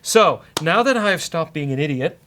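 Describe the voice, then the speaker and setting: A man's voice: a little high, animated, normal speed, fairly bright tone, a little hiss or hum. A man hosting a casual live-coding show, joking and mocking himself as he works through code. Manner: joking and self-mocking, thinks aloud. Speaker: developer show host.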